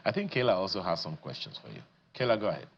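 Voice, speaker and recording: A man hosting a studio news interview, speaking briskly and handing the questions over to his co-host. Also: deep voice, big pitch swings, creaky, highs cut off, a little hiss or hum.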